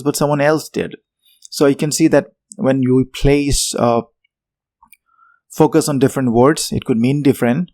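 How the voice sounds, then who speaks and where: A man talks through a technical tutorial in an unscripted way, pausing on fillers and restarting his sentences. His voice sits at an ordinary middle pitch and sounds dry and close, with no room echo. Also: dark tone. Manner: unscripted, many fillers and self-corrections. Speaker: tech tutorial presenter. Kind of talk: explanatory tutorial talk.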